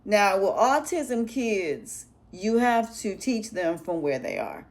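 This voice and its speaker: A woman's voice: medium pitch, big pitch swings, slow pace. A middle-aged woman, a parent and life coach, talking bluntly and emphatically straight to her viewers in casual advice talk.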